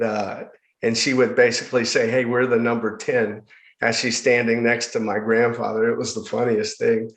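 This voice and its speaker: Earnest man telling his life story. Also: mid-range voice. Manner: earnest, reflective, halting with repeated words. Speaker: podcast guest. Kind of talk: personal storytelling in an interview. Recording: echoey room.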